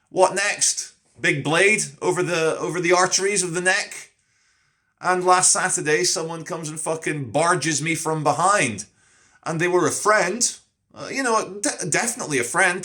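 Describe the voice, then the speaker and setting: An English man with a bright, forceful voice rattles through an animated monologue to camera. He tells street stories casually and swears as he goes. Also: a little high. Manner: animated storyteller who swears a lot. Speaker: street streamer.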